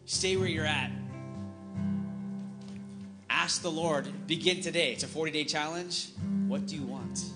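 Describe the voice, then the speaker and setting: Male pastor over loud guitar. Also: a little high, a little slow, pauses often. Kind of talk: closing a church service.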